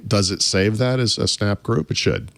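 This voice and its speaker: A man's voice: on the low side, moderate pace, a bit bright. A man co-hosting a casual tech podcast, talking in a rambling, self-interrupting way and chuckling at his own jokes. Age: adult. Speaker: podcast co-host.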